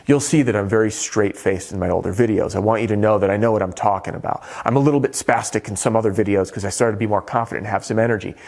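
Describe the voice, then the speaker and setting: A man's voice: lowish voice, fast, vocal fry, hardly any pauses, darkish tone. Man coaching roofing sales reps. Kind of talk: direct-to-camera sales training talk.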